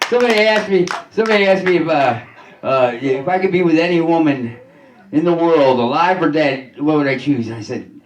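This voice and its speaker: A man performs stand-up in a club, delivering deadpan one-liners full of halting restarts and "uh"s, and he laughs at his own jokes. His pitch is fairly high. The audio is poor and roomy, with a little hiss or hum.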